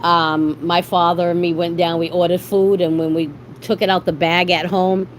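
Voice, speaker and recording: A woman's voice: on the low side, moderate pace, slight background noise, rough recording. A woman with a Boston accent chatting casually to her livestream viewers, rambling and restarting her sentences as she tells stories. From Boston, Massachusetts. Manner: rambling, animated storytelling with frequent restarts. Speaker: livestream host.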